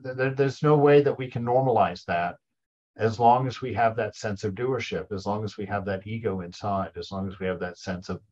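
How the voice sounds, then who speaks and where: Husky low-voiced man giving a spiritual talk. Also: brisk, a little mellow, lo-fi sound. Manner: chuckles often, loose and conversational; restarts and repeats words when searching for phrasing. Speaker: spiritual teacher. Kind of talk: informal dharma talk to a group.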